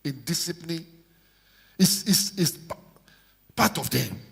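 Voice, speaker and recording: A man's voice: on the high side, expressive, slow pace, vocal fry, breathy edge. A man preaching a sermon, exhorting his congregation and calling on them to repeat phrases after him. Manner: exhorting, call-and-response with congregation. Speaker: pastor. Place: large church hall. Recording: live church hall with long reverb.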